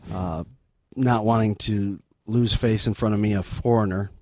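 A middle-aged man, a missionary guest in an interview, retelling a story in an earnest, halting, sombre way. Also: on the low side, steady tone, darkish tone, dry recording.

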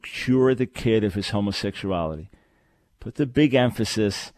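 A man's voice: lowish voice, darkish tone, no room sound. Earnest male radio talk host. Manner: earnest, emphatic, repeats phrases for stress. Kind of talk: call-in radio advice and announcements.

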